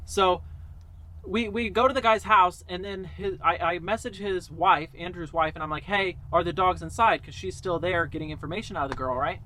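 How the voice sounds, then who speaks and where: A young man telling a story casually to camera, animated, with lots of fillers and quoted dialogue. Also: high-pitched, fairly quick. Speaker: vlogger.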